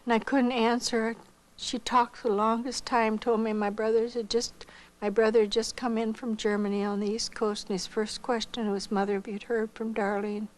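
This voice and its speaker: An older woman and missionary, telling her own life story in an unhurried, folksy way with pauses and soft hesitations. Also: fairly high pitch, level tone, rough recording. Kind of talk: personal storytelling.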